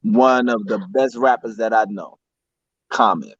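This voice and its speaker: A man's voice: fairly low pitch, unhurried, a little hiss or hum. A man who is a guest author and coach, talking in a laid-back, playful way with emphatic interjections. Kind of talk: casual chat. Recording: dry, muffled lo-fi sound.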